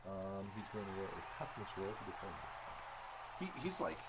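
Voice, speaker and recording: A man narrating as game master of a tabletop game in an animated, chatty way. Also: sits low, quick pace, very noisy. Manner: animated, chatty, laughs often.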